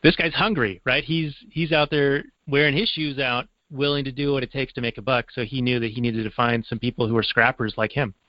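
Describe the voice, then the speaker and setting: A man's voice: medium pitch, fairly even intonation, brisk, hardly any pauses, no room sound. A man co-hosting a podcast, explaining a movie's business plot in a casual, wry, teasing way. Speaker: podcast co-host. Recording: dry, slightly dull lo-fi sound.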